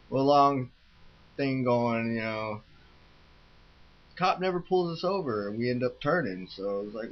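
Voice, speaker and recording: A man's voice: medium pitch, measured pace. Man telling a story, swears a lot, rambling and loose, muffled dull recording. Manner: profane, rambling, laughs through the story. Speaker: vlogger. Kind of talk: casual storytelling.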